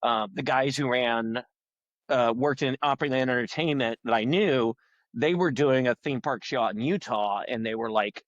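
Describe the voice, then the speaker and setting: Middle-aged comic, chatty and rambling, does voices for people in his stories; flat, dead-sounding mic. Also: medium pitch, moderate pace, no room sound, muffled recording. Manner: rambling, animated storyteller who acts out quoted people in a raised voice. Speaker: guest comedian and balloon artist. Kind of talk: casual podcast interview.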